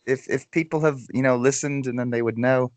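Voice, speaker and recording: A man's voice: mid-range voice, steady tone, a little fast, darkish tone, no echo. A man hosting a podcast in casual chat, laughing often and tripping over repeated words. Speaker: podcast host.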